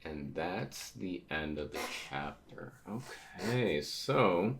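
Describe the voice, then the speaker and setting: A man with a deep, gravelly voice reads a comic chapter aloud in a loose, casual way. He reacts to the action and trips over words as he goes. His tone stays low, with a rough fry on the ends of his phrases. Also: animated, slow. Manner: reactive, stumbles over words while reading. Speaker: host reading manga aloud. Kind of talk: casual manga read-through with commentary.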